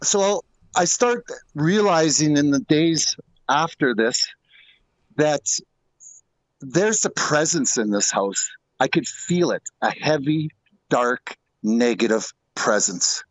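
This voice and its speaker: A man's voice: fairly high pitch, animated, slow, dry recording, poor audio. A middle-aged man telling a ghost story in a loose, rambling way, full of restarts and asides. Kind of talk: casual storytelling.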